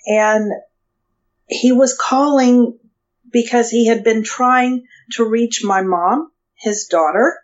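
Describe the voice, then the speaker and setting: Slow, hesitant woman recounting memories. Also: on the high side. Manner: hesitant, halting with restarts and fillers. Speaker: guest. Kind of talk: personal storytelling interview. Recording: dull lo-fi sound.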